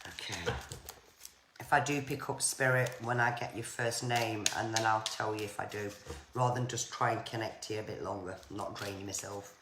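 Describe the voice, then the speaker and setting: A woman, a psychic medium giving live-streamed card and spirit readings in a gentle, repetitive manner. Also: very deep voice, fairly even intonation, moderate pace. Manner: gentle, repetitive, pads phrases with "here" and "there". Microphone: phone or webcam on a live stream. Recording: roomy echo, faint noise.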